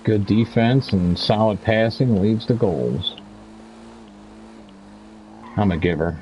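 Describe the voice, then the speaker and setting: A man's voice: fairly low pitch, takes it slowly, dull audio, a little hiss or hum. A talkative man in his fifties chatting casually over gameplay as a streamer, rambling from story to story and laughing often. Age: 50s. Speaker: gaming streamer.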